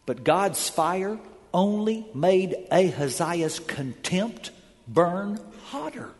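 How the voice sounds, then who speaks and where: A man's voice: sits high, sing-song, slow, big-room sound. A man preaching a sermon, telling the story with dramatic energy in a church sanctuary. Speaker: pastor.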